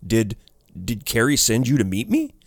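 A man voicing a frightened young woman researcher of about thirty, asking high, breathless, urgent questions. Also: very animated, normal speed, no echo, clean studio sound. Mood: gasping.

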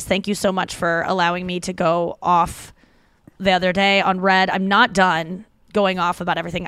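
A woman co-hosts a podcast in loose, casual chat, rambling and gushing as she goes. Her voice sits at an ordinary middle pitch and is close-miked in a dry, dead studio sound. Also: a bit bright, clear, resonant tone, dry recording. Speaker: podcast co-host.

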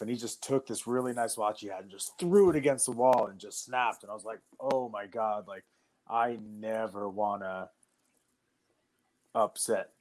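A young adult man, a wrestler and guest on an interview show, telling stories in a loose, animated way with lots of fillers. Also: lowish voice. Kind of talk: casual storytelling.

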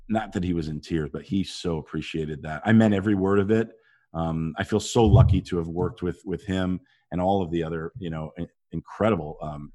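A middle-aged man, an actor, telling animated stories in a casual interview and acting out what people said. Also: low voice. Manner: animated storytelling, acts out quotes. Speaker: actor guest.

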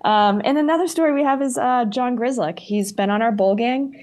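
A woman with a Boston accent, talking as a podcast guest in a chatty, animated way full of fillers. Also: a little high, a little fast. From Boston, USA. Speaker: guest, arena marketing director. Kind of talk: casual podcast chat.

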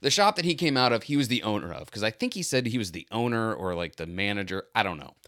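A man's voice: on the low side, quick pace, no room sound. A man who cleans pools tells a personal story casually, poking fun at himself and acting out what people said. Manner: animated, self-mocking, acts out quoted lines. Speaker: pool cleaner.

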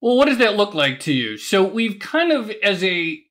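Male co-host, slightly raised pitch, chatty interviewer with restarts. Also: big pitch swings, normal speed, fairly bright tone. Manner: chatty, asks questions with restarts. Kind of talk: interview hosting.

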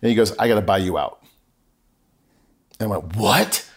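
With a low, slightly mellow voice and a somewhat fast pace, a middle-aged podcast guest earnestly relates a personal story. He plays out the conversations he remembers.

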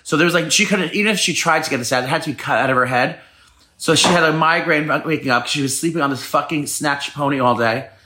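A man in his thirties rattles off a gossipy story at a quick clip. He co-hosts a casual podcast and keeps slipping into other people's voices as he tells it. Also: on the high side, sharp tone, slight background noise. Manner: rapid gossipy storytelling, acts out quotes. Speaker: podcast co-host.

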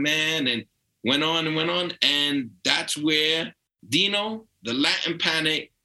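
A man's voice: a little high, unhurried, creaky, poor audio. A man from New York with a New York accent, a comedian guest telling a story in casual chat and acting out the people he quotes. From Brooklyn/Long Island, New York. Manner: animated, acts out quoted voices.

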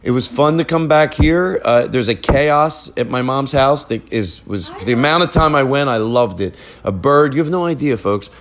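Male podcast host, mid-pitched, chatty and rambling, quick to joke and interrupt himself. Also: animated. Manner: rambling, jokey, self-interrupting. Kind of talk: casual family chat.

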